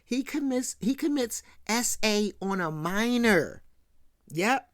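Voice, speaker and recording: A woman's voice: fairly high pitch, lively intonation, slow, no room sound, studio quality. A woman hosting a casual recap rant, slangy and constantly checking in with the listener. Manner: slangy, keeps checking in with "right?". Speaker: show host.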